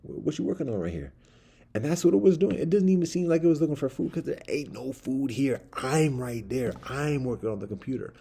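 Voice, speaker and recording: A man's voice: medium pitch, a little fast, vocal fry, hardly any pauses, warm tone, husky. A man telling a personal story in a casual, rambling monologue with many asides. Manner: rambling, loose, full of fillers and asides.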